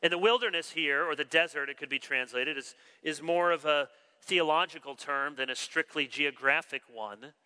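A man preaching a sermon, animated, acting out the quoted dialogue of his story. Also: fairly high pitch, normal speed, clean tone. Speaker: pastor. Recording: long reverb of a large hall.

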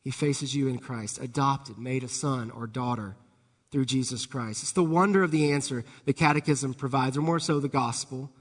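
A man pastor preaching an evening sermon in a church, rising louder and higher on key words and sinking soft and low on others. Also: moderate pace. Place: church sanctuary. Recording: long hall reverb.

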